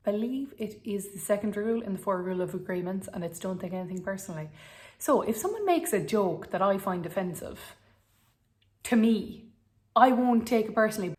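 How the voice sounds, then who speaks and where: Young Irish woman, casual chat vlogger, rambling and self-mocking. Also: mid-range voice. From Ireland.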